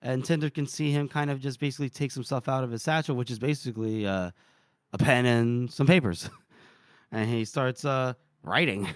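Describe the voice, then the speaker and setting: A man co-hosting a podcast, casually retelling a book chapter with animated delivery, laughing and swearing. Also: medium pitch, moderate pace, clean tone, no room sound, studio quality. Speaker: podcast co-host.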